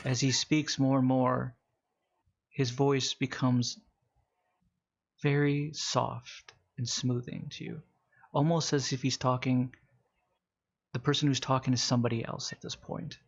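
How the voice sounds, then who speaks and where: This game master guides a tabletop game with casual, filler-laden narration that slows in quieter scenes. His mid-range voice has a creaky quality, and the sound is lo-fi.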